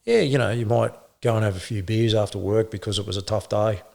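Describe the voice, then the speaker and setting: A middle-aged man, a former police officer, telling his story in an interview with blunt swearing and halting restarts. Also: lowish voice, gravelly, darkish tone. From Australia.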